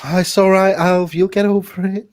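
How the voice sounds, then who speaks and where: A man's voice: high voice, little pitch movement, normal speed, a little mellow. A young man co-hosting a casual advice podcast, joking around with cheeky, mock-stern banter. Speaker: podcast co-host.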